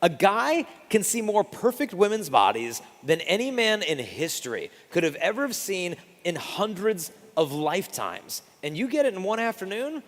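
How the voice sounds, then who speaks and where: Animated young man in a big echoey hall. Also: high-pitched, normal speed, few pauses. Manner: animated storytelling, self-deprecating humor. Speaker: speaker. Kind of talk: faith talk to an audience. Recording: long reverb of a big hall.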